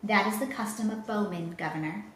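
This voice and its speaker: A woman voicing a simple, strong mountain bowman who pleads and answers gravely, in a storybook reading. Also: medium pitch, fairly quick, fairly bright tone, distant mic, a little hiss or hum, lightly acted. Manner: pleading, earnest. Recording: roomy echo.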